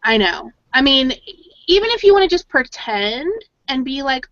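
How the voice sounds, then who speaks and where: Woman co-host, chatty storyteller, bright upper voice; dry, muffled lo-fi recording. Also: high voice, very animated, moderate pace, dry recording. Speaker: podcast co-host. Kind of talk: casual chat. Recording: dull lo-fi audio.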